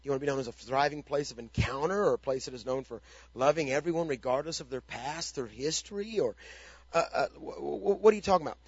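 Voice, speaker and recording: A man's voice: mid-range voice, quick pace, slightly rough, dry recording, lo-fi sound. A man pastor giving a motivational ministry talk, emphatic and fond of repeated rhetorical questions.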